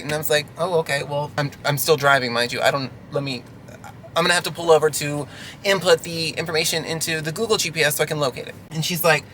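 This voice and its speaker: A man's voice: on the high side, steady tone, fast, sharp tone, slight background noise. A delivery driver venting through a ranting storytime vlog from his car, sarcastic and exasperated.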